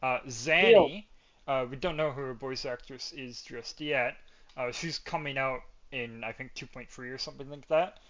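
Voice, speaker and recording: A man's voice: mid-range voice, normal speed, fairly bright tone, muffled recording. A man hosting a podcast in casual chat, rambling and often ending his points with "right?". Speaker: podcast host.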